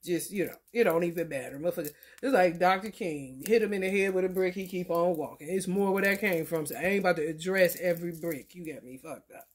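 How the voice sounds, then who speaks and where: A woman's voice: fairly low pitch, fast, few pauses, slightly rough. A woman, talking loosely and profanely in a casual tarot vlog. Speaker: tarot reader.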